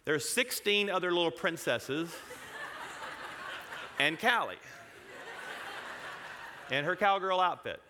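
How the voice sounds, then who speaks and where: A man speaking to a congregation, telling a personal story in an animated way, chuckling and breaking off his own sentences. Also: sits high, takes it slowly, long pauses, noisy background.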